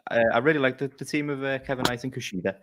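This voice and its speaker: A man co-hosting a casual podcast, speaking haltingly and repeating words as he goes. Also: medium pitch, background noise. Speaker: podcast co-host. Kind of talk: casual chat.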